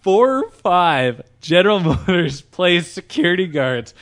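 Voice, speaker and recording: A man telling a funny personal story to friends on a podcast, animated and full of restarts. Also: sits high, a little slow. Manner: animated, laughs while telling, lots of restarts. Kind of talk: casual storytelling among friends.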